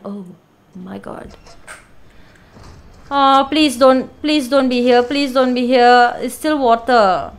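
A woman gamer playing a horror game, panicky and swearing, pleading out loud with the monster chasing her. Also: on the high side, slow pace, long pauses, smooth, poor audio. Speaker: let's play gamer.

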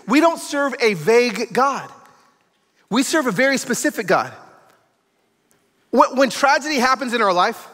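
A male preacher gives an animated sermon with story-driven delivery. His voice is high and bright, and it swoops widely in pitch. The sound carries the long reverb of a church sanctuary. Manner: animated storytelling with acted quotes. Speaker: guest preacher.

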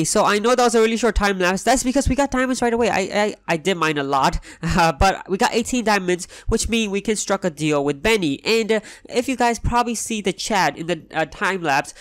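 Excitable high-voiced young man gaming. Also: dry recording. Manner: excitable, rambling. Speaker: gaming channel host. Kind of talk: Minecraft let's play commentary.

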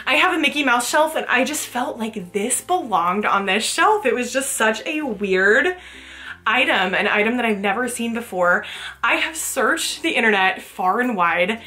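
A woman's voice: a little high, sing-song, moderate pace, sharp tone. A young adult woman vlogging casually about her shopping haul, gushing and chatty, laughing often.

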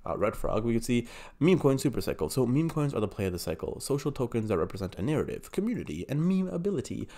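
A man's voice: medium pitch, very animated, quick pace, dark tone. A man hosting a crypto channel, talking in a brash, profane, hyped-up way and putting on a mock accent. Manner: puts on an unnamed mock accent. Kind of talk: casual hype commentary.

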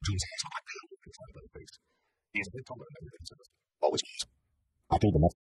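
A very deep, husky male voice reads a literary novel, rushing along while his pitch rises and falls widely. The sound is dry and close, with no room around it. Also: huge pitch swings, no echo. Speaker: audiobook narrator. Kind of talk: literary audiobook reading.

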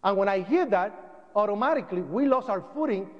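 A man giving a public talk, telling his story in an animated way and acting out sounds and voices. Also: sits high, brisk. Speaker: speaker recounting events. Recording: dull lo-fi sound, long hall reverb.

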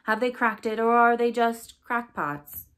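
A woman's voice: fairly high pitch, measured pace, a bit bright, voice pushed up. A woman voicing a posh radio newscaster with a nasal, droning delivery, reading a storybook aloud. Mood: announcing.

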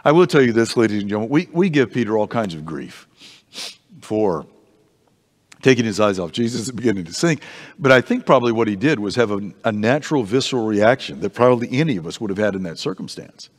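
Animated man teaching a church Bible class. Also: lowish voice, quick pace, long reverb tail. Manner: animated and conversational, with frequent restarts.

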